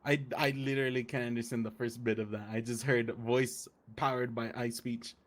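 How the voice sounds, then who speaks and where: A man's voice: mid-range voice, little pitch movement, moderate pace. Man, jokey role-play player, easy laughter, casual delivery. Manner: joking, laughs often.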